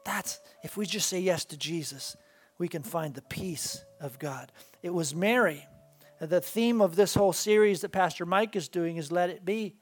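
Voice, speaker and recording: A woman's voice: lowish voice, normal speed, soft background music. A woman pastor preaching a sermon to a congregation in a church, earnest and building with rhythmic repetition. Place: church sanctuary before a congregation.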